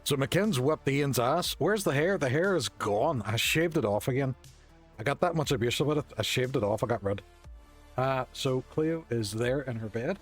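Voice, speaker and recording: A man's voice: medium pitch, animated, normal speed. A man, chatting casually while streaming a game from his desk at home, jokey and self-mocking. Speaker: streamer playing a video game. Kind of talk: casual gaming chat. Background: faint game music.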